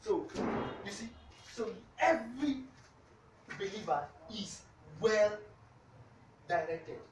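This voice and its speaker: Speaking slowly with a lively, medium-pitched voice, a preacher quizzes his congregation while reading scripture and punctuating nearly each point with "hallelujah." The recording is echoey and distant, with a little hiss or hum.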